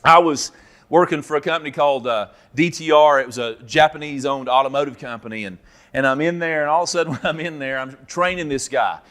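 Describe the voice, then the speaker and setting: A man preaching a Bible teaching, telling stories and acting out characters with sudden loud outbursts. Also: fairly high pitch, fast talker. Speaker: pastor. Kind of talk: sermon teaching.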